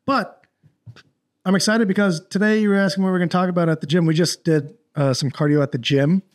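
A man's voice: sits high, steady tone, a little fast. A man hosting a podcast in loose, rambling casual chat, full of fillers and restarts. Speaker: podcast host.

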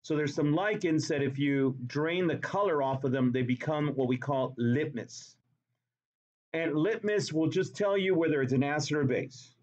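A man's voice: on the high side, normal speed, a little mellow, muffled recording. A man teaching a chemistry class in a classroom, talking playfully and repeating words for emphasis. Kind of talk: classroom lecture.

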